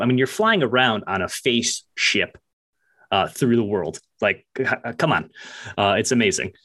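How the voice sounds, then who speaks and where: A man on a gaming podcast with a low voice and a bright, forceful edge. He talks about his favorite games with upbeat, eager enthusiasm. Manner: enthusiastic, upbeat gamer talk. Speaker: podcast co-host. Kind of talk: casual podcast chat.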